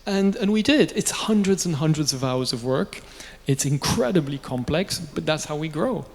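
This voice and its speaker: A man's voice: fairly high pitch, normal speed. Storytelling man in a reverberant hall. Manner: lively, jokey, with asides and laughs. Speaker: watch brand founder speaking at a press conference. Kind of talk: anecdotal storytelling. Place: event venue. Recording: long reverb in a large space.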